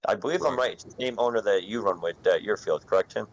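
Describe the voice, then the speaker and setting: A man's voice: lowish voice, expressive, fast, poor audio. A man speaking earnestly and supportively as a guest on a casual video-call panel.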